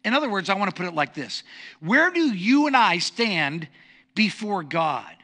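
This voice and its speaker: High, bright-voiced animated man preaching. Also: normal speed. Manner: storytelling, animated and self-deprecating. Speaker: pastor. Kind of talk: sermon. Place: church sanctuary.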